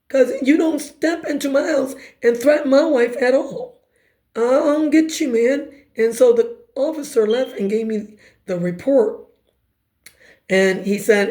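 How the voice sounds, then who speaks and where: Raspy lady, kinda high voice but mellow, talking thru her testimony real emphatic. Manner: emphatic, conversational, quick asides. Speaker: speaker giving personal testimony. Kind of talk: personal testimony storytelling.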